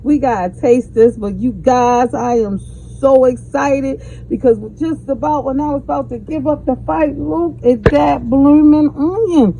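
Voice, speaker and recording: A woman's voice: high voice, a little slow, creaky, dark tone, a little hiss or hum, rough recording. A woman hosting a casual cooking vlog, tasting her dish and talking effusively to viewers, with savoring hums between bites. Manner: effusive, calls viewers baby and y'all; savoring mm sounds while eating. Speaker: home cook and channel host.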